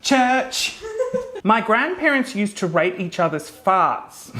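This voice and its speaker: A woman's voice: fairly high pitch, wildly swooping pitch, very slow, long pauses, fairly bright tone. A young woman reading funny viewer stories aloud in a casual comedic vlog, swearing often and laughing as she goes.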